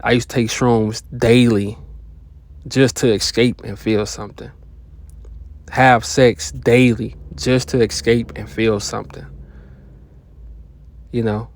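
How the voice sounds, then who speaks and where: A man's voice: mid-range voice, level tone, slow pace, long pauses. A man talking straight to camera in a casual, profane motivational monologue, full of slang and short laughs. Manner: blunt, profane, slangy, laughs between points. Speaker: self-help vlogger.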